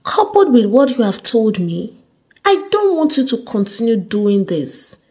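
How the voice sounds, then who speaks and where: A woman's voice: fairly high pitch, big pitch swings, a little slow, darkish tone. A woman reading as an aging senator. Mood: tender. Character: aging wealthy male senator, fatherly.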